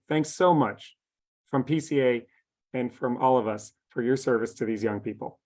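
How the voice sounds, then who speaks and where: A man presenting a coaching workshop on a video call, giving instructions and reading out steps and numbers slowly. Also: medium pitch, darkish tone. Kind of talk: webinar presentation.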